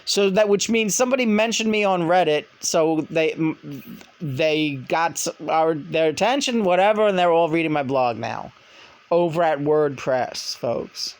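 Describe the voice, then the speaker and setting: A woman vlogs in a casual monologue, telling stories in an animated way. She rambles and restarts often, and her voice is smooth and clear. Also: low-pitched, unhurried. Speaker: vlogger and spirit medium.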